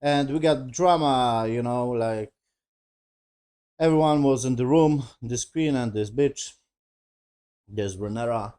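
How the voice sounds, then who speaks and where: A man's voice: mid-range voice, takes it slowly, pauses often, mellow, clean tone. A man casually reviewing a TV episode in loose, broken English, rambling and swearing as he retells the scenes. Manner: broken non-native English grammar. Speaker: TV show reviewer.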